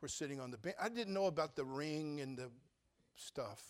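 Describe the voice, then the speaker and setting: A man preaching a sermon, telling his own story with humor and big swings between loud and quiet. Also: fairly high pitch, animated, normal speed. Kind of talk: sermon testimony.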